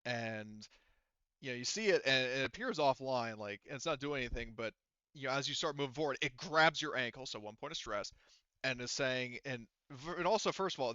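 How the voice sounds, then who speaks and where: Male game master, bright crisp voice, meandering narration, lo-fi voice-chat sound. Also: medium pitch, no echo. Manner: rambling, full of fillers and restarts.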